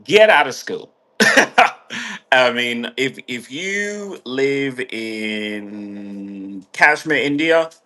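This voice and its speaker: Male vlogger, mid pitch, profane sardonic ranter. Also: animated, very slow, sharp tone. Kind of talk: ranting monologue.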